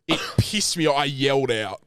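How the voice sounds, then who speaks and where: A man's voice: mid-range voice, expressive, moderate pace, fairly bright tone, smooth, dry recording. An Australian man co-hosting a podcast in a studio, telling a story in casual chat and swearing freely. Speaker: podcast co-host.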